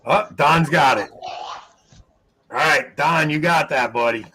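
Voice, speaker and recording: A man hosting a casual trivia show, chatty and quick to laugh, calling out names as people answer. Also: on the high side, bright, forceful tone, slight background noise. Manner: chatty, laughs often, reads names from chat. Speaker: quiz show host.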